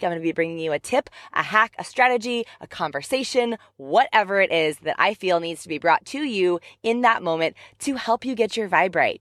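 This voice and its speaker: A woman hosting her own podcast, talking in an upbeat, chatty, motivational way. Her voice is raspy from the tail end of a cough, and she is recording in her parked car on a headset mic. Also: mid-range voice, fairly bright tone, no room sound. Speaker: podcast host and life coach. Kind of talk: energetic motivational podcast talk. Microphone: headphones with mic.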